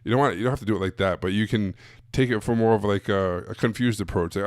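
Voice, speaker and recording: A man's voice: on the low side, quick pace, hardly any pauses, no room sound, studio quality. A man coaching other coaches live, blunt and direct, asking rhetorical questions and repeating his points. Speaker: sales coach. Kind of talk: live-streamed teaching.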